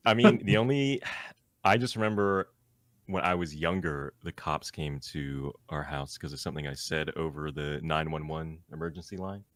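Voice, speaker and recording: A man's voice: rumbling low, normal speed, a bit bright, dry recording. A young man co-hosting a podcast, chatting casually with friends in a laid-back way. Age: young adult. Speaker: podcast co-host. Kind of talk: casual chat.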